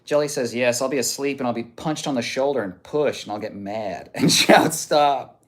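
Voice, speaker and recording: A man's voice: medium pitch, moderate pace. A man streaming live, reading viewer messages aloud in a joking, off-hand way. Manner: joking, off-hand, reads messages out one after another.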